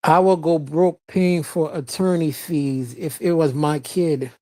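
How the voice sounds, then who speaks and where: With a slightly mellow, mid-range voice and fairly even intonation, a Florida live-streamer speaks a little slowly. He's loose and blunt, laughs frequently, and reads and responds to chat during casual commentary.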